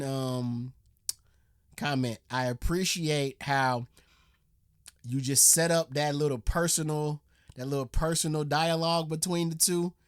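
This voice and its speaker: A woman's voice: sits low, dry recording, clean studio sound. A woman giving a casual reaction, acting out little scenes and swearing freely. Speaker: reaction video host.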